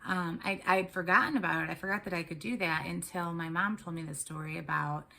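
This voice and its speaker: A woman's voice: lowish voice, steady tone, fairly quick, gravelly, sharp tone. A woman and mother of three telling a personal story to camera in a casual, rambling way, full of ums and restarts. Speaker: tarot and spirituality vlogger.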